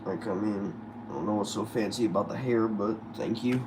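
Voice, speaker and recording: A man with a fairly low voice talks in an easygoing, slangy way, calling his viewers y'all and bro. He chats with them and reads their comments aloud. A faint hum of background noise sits under his voice. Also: brisk. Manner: laid-back slangy talk, addresses viewers as y'all and bro. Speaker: streamer reading chat. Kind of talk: casual live chat.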